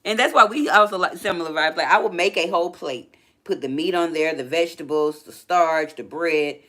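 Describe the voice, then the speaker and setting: A woman hosting a casual live stream, chatting as she reads viewer comments and laughing often. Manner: chatty and animated, laughs often, quick pitch jumps. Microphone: laptop.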